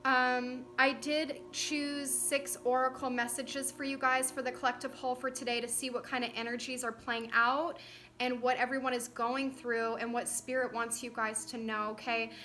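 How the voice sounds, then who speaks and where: A young woman hosting a spiritual channel, speaking earnestly and slowly to her viewers, near tears and emotional. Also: high voice, little pitch movement, pushed and bright. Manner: tearful, earnest, on the verge of crying; heartfelt, slow, with frequent "you guys". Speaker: spiritual channel host, oracle reader.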